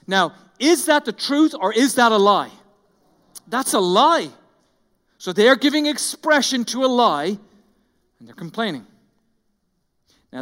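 Male pastor, high voice, mid-sermon, reads scripture slowly and with weight, long echo of a big hall. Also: fairly bright tone. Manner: slows down and stresses scripture readings, speaks directly to the congregation.

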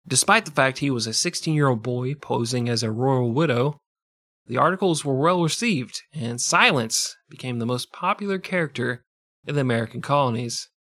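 A man's voice: mid-range voice, fairly quick, fairly bright tone. A man co-hosting a casual comedic history podcast, reading out the story and joking and laughing often. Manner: jokey, laughs often, slips into silly accents. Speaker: podcast co-host.

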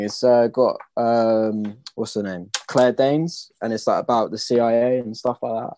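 A young man in a band, chatting casually in an interview, rambling and trailing off softly at the ends of thoughts. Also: mid-range voice, fairly even intonation, a little slow, few pauses, slight background noise. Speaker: band member.

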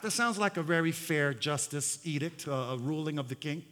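A man's voice: on the high side, moderate pace, fairly bright tone. An older man preaching a fiery sermon as pastor, with hallelujah refrains, in a church sanctuary. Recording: long hall reverb.

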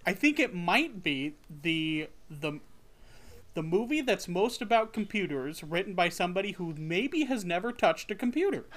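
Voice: medium pitch, big pitch swings, moderate pace, fairly bright tone. A podcast host leading a casual chat and laughing often.

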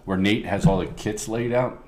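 A man with a very low voice chats on a casual podcast. He speaks in a relaxed, halting way, with fillers and trailing sentences. Faint background noise sits under him. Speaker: podcast co-host. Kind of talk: casual chat.

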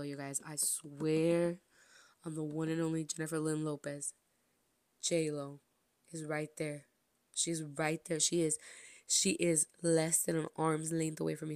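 Gushing young woman with a low voice. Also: a little mellow, no echo. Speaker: podcast host. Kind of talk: excited storytelling to listeners.

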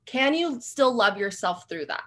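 A woman's voice: on the high side, sing-song, a little slow. A woman hosting a podcast, affirming her guests' ideas and laughing often as she talks. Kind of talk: reflective podcast conversation.

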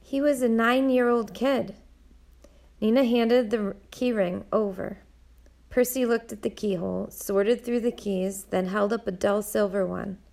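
A woman narrating an audiobook in a measured storytelling manner. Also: medium pitch, steady tone, vocal fry, darkish tone.

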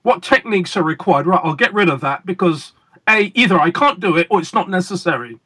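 A man being interviewed as a guest magician, telling stories in a deliberate, emphatic way with pauses for effect. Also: high voice, animated, bright, forceful tone, breathy edge. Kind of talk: casual interview storytelling.

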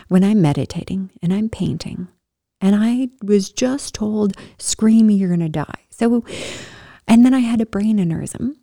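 A woman telling her own story in a casual, animated way, swinging from loud bursts to soft whispers. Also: medium pitch, no echo, clean studio sound. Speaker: storyteller sharing a personal story.

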